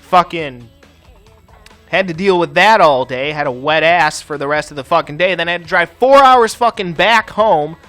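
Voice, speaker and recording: A man's voice: on the high side, animated, normal speed, fairly bright tone, faint music behind. A man hosting a gaming channel, telling a story in a profane, ranting way while playing. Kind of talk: casual chat while playing a game.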